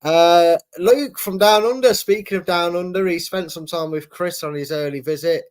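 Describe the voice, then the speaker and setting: Brief: male fan-channel host, slightly higher voice, loose chatty delivery full of fillers, reads chat aloud. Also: normal speed, darkish tone, clear, resonant tone. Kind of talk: casual live watchalong chat.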